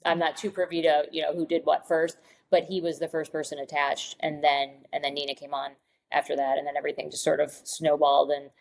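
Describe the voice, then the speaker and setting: Woman screenwriter, from Michigan, quick chatty storytelling, low voice. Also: level tone, gravelly, a little mellow, poor audio. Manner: chatty storyteller who acts out quoted voices. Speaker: screenwriter guest. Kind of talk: casual podcast interview.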